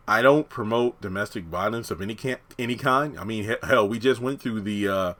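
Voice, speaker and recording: Man, TV reviewer, lowish voice with a bright forceful edge, casual and opinionated, animated retelling. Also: a little slow. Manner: animated, acts out characters' lines while retelling; blunt and opinionated. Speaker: TV episode reviewer.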